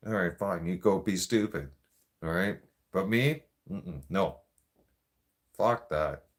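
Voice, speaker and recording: A man's voice: deep voice, animated, slow pace. A man telling a profane, rambling story in a casual rant. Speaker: vlogger.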